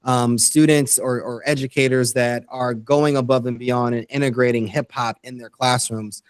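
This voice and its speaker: An earnest man explaining his ideas step by step as a guest on an interview. His voice sits at an ordinary middle pitch, recorded dry and close with no room sound. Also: flat delivery, normal speed, clear, resonant tone, dry recording. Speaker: guest educator. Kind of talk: interview conversation.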